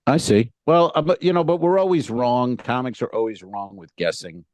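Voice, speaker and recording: A stand-up comedian with a medium-pitched voice chats casually on a podcast at a normal speed, with no room sound. He animatedly retells heckler stories, acting out both the hecklers and himself on stage.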